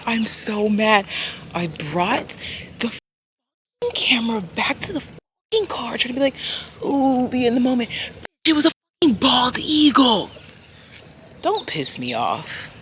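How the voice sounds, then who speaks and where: Young woman vlogging at the park, slow easy talk, swears a lot, faint noise behind. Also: a little high, sing-song, fairly bright tone. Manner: slangy, swears freely, thinks aloud. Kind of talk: casual vlog talk. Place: outdoors at a park. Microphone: handheld camera.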